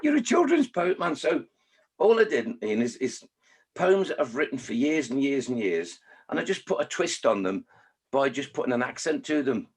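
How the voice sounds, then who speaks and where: Husky-voiced poet chatting loosely and jokily over a video call. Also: male voice, medium pitch, animated, normal speed. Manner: jokey, chatty, restarts a lot. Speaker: children's poet. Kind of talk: casual video-call interview.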